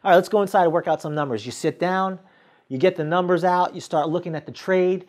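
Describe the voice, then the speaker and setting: A man's voice: sits high, quick pace. A man giving a motivational sales training talk, coaching the listener directly and acting out sales scenes with quoted dialogue.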